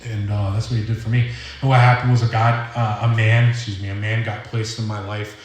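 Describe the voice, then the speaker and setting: A young man with a Rhode Island accent giving an earnest, rambling personal testimony at a recovery meeting, halting often with fillers. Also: fairly low pitch, flat delivery, distant mic. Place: meeting hall. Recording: roomy hall audio from off-mic.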